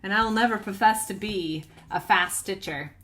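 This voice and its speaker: A woman's voice: medium pitch, normal speed, a bit bright. A woman chatting casually about her cross-stitch projects, bubbly and giggly, rambling with restarts. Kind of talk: casual chatty show-and-tell.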